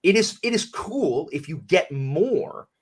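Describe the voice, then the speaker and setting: A man who works as a teacher, a guest on a casual podcast chat, who gets emphatic and animated when he argues a point. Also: a little high, a little slow, breathy edge.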